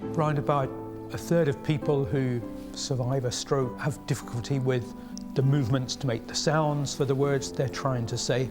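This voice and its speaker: A man's voice: medium pitch, steady tone, moderate pace. Man explaining brain science in an interview. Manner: plain, explaining, with small restarts. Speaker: expert interviewee. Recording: interview with background music.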